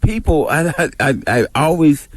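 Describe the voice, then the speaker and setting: A man's voice: a little high, expressive, no room sound. Radio guest guy, stammers and laughs, voice swings up and down, dry sound. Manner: laughing, halting, repeats words when pressed. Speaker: guest, former football player. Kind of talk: radio interview.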